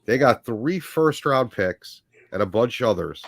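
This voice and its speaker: A man's voice: medium pitch, animated, unhurried, no echo, studio quality. A man on a sports talk panel giving a blunt, matter-of-fact take.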